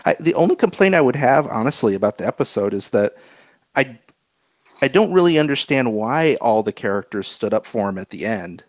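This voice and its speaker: A man's voice: medium pitch, lively intonation, fairly quick, no echo. A man talks casually on a podcast, hesitating and restarting his thoughts often. His mic sounds dull and lo-fi, close and dry with no room around it. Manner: hesitant, many restarts and fillers.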